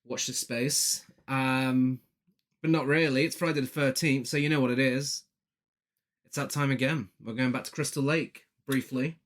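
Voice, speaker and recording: A man co-hosting a podcast, chatting casually with a playful, joking manner. His voice sits at an ordinary middle pitch for a man. He keeps a light, easygoing tone throughout. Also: steady tone, normal speed. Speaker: podcast co-host.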